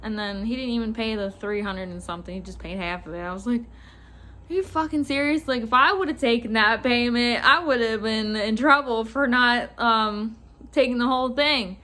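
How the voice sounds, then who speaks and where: A young woman vlogger telling a work story in a casual, animated rant, swearing and acting out what callers said. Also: a little high, moderate pace.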